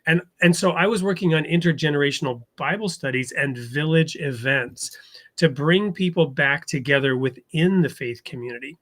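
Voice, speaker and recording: Higher-pitched man hosting a faith podcast. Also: fairly bright tone. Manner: thoughtful, halting, laughs easily. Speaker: podcast host. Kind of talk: conversational interview.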